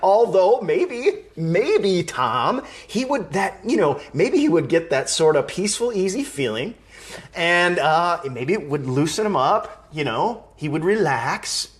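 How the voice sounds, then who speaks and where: A man's voice: fairly high pitch, big pitch swings, unhurried, a bit bright. A man from Wisconsin hosting a live fan stream, chatting casually, reading viewer comments aloud and laughing easily. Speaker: live show host.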